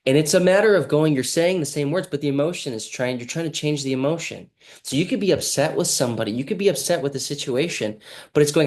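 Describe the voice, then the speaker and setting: A man's voice: on the high side, animated, a little fast, darkish tone. A man speaking as a healing practitioner in a casual motivational monologue, earnest and rambling, with frequent restarts and lines he acts out himself.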